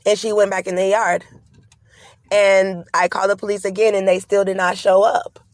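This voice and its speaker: A woman's voice: medium pitch, level tone, normal speed, dry recording. A pregnant woman recounts a frightening ordeal in an urgent, rambling, fearful way. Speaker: vlogger. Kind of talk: distressed personal account to camera.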